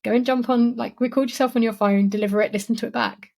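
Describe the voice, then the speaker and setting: A woman's voice: fairly high pitch, steady tone, quick pace, gravelly, a little mellow. A woman hosting a solo podcast, giving marketing advice in a chatty, encouraging way with frequent "like" and "you know". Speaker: podcast host.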